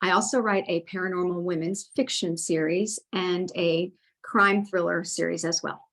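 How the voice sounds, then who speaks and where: A woman co-hosting an interview over a video call, friendly and encouraging, quick to reassure her guest. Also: fairly low pitch, steady tone, fairly bright tone, rough recording. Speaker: co-host and author. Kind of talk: casual interview chat.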